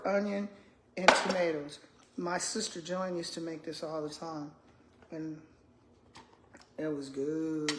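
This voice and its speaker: An older woman with a fairly low voice chats casually with her live-stream viewers between bites, calling them "y'all" and talking with her mouth full. A retired school principal and vlogger, she's recorded in an echoey room with a little hiss or hum.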